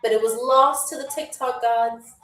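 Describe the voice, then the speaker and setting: A woman's voice: fairly high pitch, steady tone, moderate pace, fairly bright tone. A woman hosting a live-stream quiz game. She reads out viewer comments in a playful, teasing way, often holds back laughter, and welcomes viewers as if she were a flight attendant. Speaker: game show host. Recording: roomy, distant mic with faint music.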